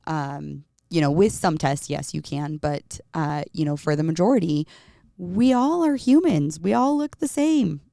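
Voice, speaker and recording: A woman hosts a podcast with a very low voice. She talks in an easygoing, chatty way and laughs easily. The sound is dry, with no room around it. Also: animated, unhurried, vocal fry, dark tone, dry recording. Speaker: podcast host. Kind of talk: casual interview conversation.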